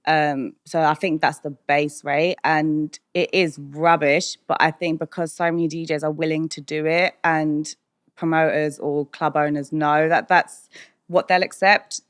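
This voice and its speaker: A woman's voice: sits low, little pitch movement, unhurried, smooth, no room sound, studio quality. A British woman DJ talking candidly as a podcast guest, chatty and full of "like" and "um", laughing often. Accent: British English.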